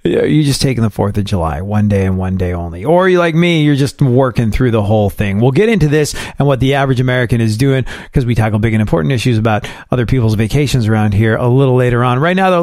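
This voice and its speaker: A man's voice: medium pitch, quick pace, few pauses, darkish tone, no room sound, studio quality. A man hosting a solo podcast, talking in a chatty, wry way with asides and jokes. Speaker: podcast host.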